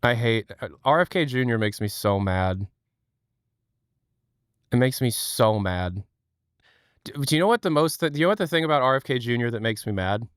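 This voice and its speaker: A man's voice: mid-range voice, lively intonation, smooth, no room sound, studio quality. A young man hosting a livestream, chatting with viewers in a rambling, joking way at home. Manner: rambling, joking, quick asides. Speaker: livestream host. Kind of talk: casual chat with chat viewers.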